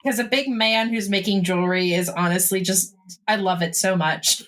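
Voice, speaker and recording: A woman's voice: mid-range voice, fairly even intonation, normal speed, a bit bright, a little hiss or hum. A woman playing a tabletop role-playing game, giggly and self-mocking, swearing when flustered. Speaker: player. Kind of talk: tabletop role-play chat.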